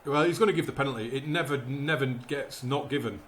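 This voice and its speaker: In brisk, mid-range tones, a gaming YouTuber provides excitable live commentary on his football management game, narrating like a match caller and worrying aloud about results. Slight background noise can be heard.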